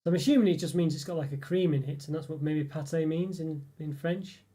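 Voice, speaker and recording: A man's voice: fairly high pitch, brisk, mellow. Chatty man hosting a live stream. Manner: rambling, chatty, many fillers and laughs. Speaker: live stream host reviewing chocolate. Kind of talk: casual live chat reading viewer comments.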